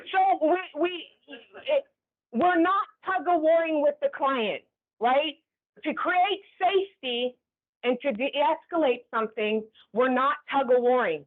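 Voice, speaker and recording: A woman with a high voice runs a staff training session. She talks in a lively, chatty way and keeps checking in with the group. The sound is thin and phone-like. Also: slow, pauses often. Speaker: workplace trainer. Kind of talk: classroom training talk. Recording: tinny phone-like recording.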